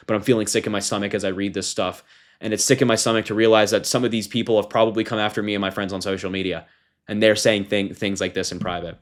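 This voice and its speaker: A young man hosting a political commentary show, reading from an article and reacting with indignation, jumping from loud mocking call-outs to low, disgusted asides.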